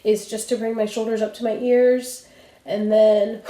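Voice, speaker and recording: A young woman coaching a vocal warm-up in a chatty, self-amused way, with breathy sighs and crisp tongue twisters. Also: medium pitch, steady tone, normal speed. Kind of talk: casual vocal warm-up lesson. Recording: roomy echo.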